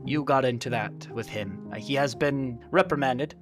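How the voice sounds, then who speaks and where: A man's voice: mid-range voice, moderate pace, music in the background, lightly acted. A man playing a polite, apologetic official. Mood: courteous.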